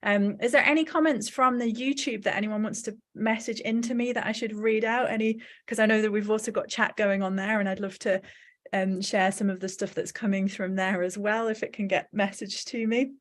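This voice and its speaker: A woman's voice: medium pitch, fairly even intonation, fairly quick. A woman with an English Midlands accent hosting a live online event, chatting and reading out audience comments with frequent laughs. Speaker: host.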